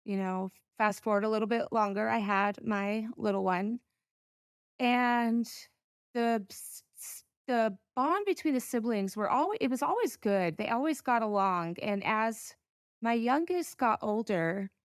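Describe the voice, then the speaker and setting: Earnest, halting woman telling her story. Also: fairly high pitch, animated, dry recording, clean studio sound. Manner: earnest, halting, pauses to gather herself. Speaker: podcast guest. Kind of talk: personal storytelling.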